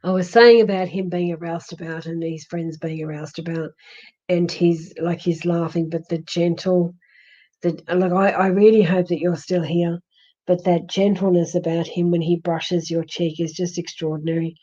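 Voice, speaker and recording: A woman with an Australian accent, a husky voice and a fading, hoarse throat, gently consoling a viewer in a live-stream psychic reading with many restarts. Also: fairly low pitch, flat delivery, moderate pace, dull audio. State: hoarse, losing her voice. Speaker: psychic medium.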